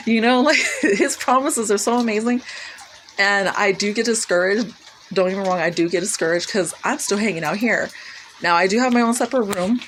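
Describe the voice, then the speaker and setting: A woman with children giving a casual personal testimony about a dream, halting and full of fillers and restarts. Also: medium pitch, a little hiss or hum, rough recording. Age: adult with children. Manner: hesitant, many fillers and restarts. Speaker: Christian vlogger sharing a dream.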